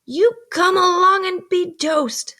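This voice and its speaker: A woman's voice: sing-song, unhurried, husky, full character voice. A woman reading aloud, voicing a harsh older sister who shrieks and scolds sharply. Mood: shrill scolding. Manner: shrill, shouting, sharp.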